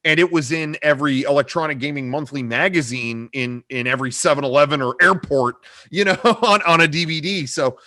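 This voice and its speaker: A middle-aged comedy video creator answers interview questions on a video call, rambling and hedging with lots of "you know" fillers. His fairly high voice is pushed and bright, brisk with few pauses. The clean studio sound has no echo, captured on a cabled desk microphone.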